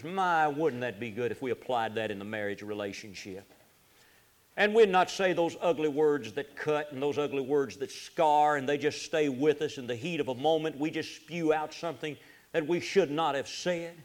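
A man preaching a folksy sermon, swinging between loud urging and low, quiet asides. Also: animated, normal speed. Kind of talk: sermon on marriage.

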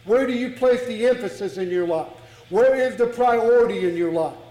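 A male preacher with a notably high voice delivers a sermon. He speaks slowly and deliberately, stacking repeated phrases for emphasis. The room is echoey, like a church sanctuary. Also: dark tone.

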